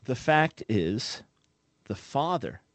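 A man's voice: mid-range voice, no room sound. A man hosting a radio talk show, teaching the Bible emphatically and asking listeners rhetorical questions.

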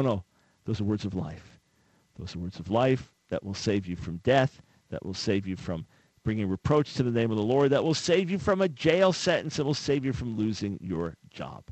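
A man's voice: fairly low pitch, sing-song, normal speed, darkish tone, no room sound, poor audio. A man hosting a radio call-in talk show, speaking in an earnest, conversational way on a studio microphone. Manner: earnest, conversational, acts out imagined callers.

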